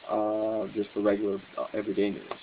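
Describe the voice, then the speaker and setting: Low gravelly man on a tinny line. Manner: rambling, halting, many fillers. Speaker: political podcast host. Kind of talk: casual monologue. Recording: tinny phone-like line with faint hiss.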